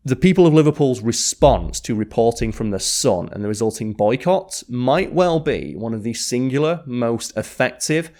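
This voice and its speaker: A man narrating a scripted history documentary, measured, with dry and wry asides. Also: mid-range voice, animated, darkish tone.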